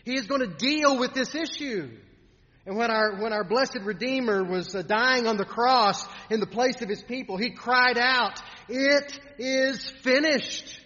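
A man preaching a sermon in an earnest way, often repeating words and trailing off softly at the ends of lines. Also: very high-pitched, moderate pace. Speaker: pastor. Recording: dull sound in a reverberant hall.

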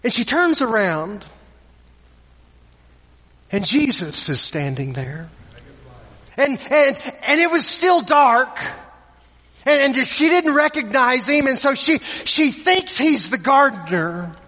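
A man delivers a sermon in a strikingly high, bright voice, slow and deliberate, stumbling over repeated words as he retells the story. The sound carries a long reverb, as if from a large hall. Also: lively intonation. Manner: repeats words, dramatic pauses, voices characters in quotes. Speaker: preacher.

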